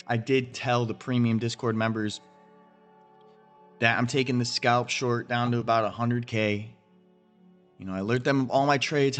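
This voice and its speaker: A man's voice: medium pitch, a bit bright. A man hosting a crypto trading channel, talking straight to viewers in a blunt, profane, emphatic rant while he walks through his chart analysis.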